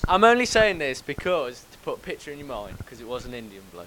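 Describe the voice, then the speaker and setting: A man's voice: mid-range voice, very animated, fast, few pauses, sharp tone, a little hiss or hum. A man hosting a casual podcast, joking and laughing, with plenty of ums. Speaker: podcast host. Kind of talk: casual banter.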